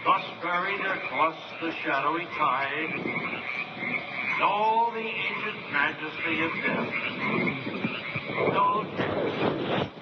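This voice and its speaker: A man playing a solemn male priest chanting a funeral rite in slow, incantatory lines. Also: on the high side. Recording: distant, muffled, noisy archive audio.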